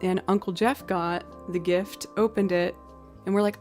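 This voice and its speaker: A woman's voice: fairly low pitch, fairly even intonation, unhurried, darkish tone. Chatty American woman streamer, music behind. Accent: American, light Southern slips. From outside Boston, USA. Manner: chatty, self-deprecating, thinks aloud. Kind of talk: casual live-stream chat.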